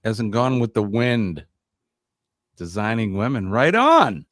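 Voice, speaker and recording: A man's voice: fairly low pitch, very animated, slow pace, a bit bright, no room sound, studio quality. A man hosting a casual live quiz stream, reading viewer comments aloud in an upbeat way.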